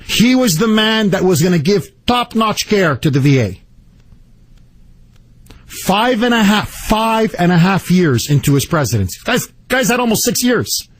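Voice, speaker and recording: Combative talk radio guy, high voice that swings up and down a lot, husky and dry. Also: very animated, a little slow, no room sound. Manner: combative, sarcastic, ranting. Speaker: radio talk show host. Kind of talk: political talk radio monologue.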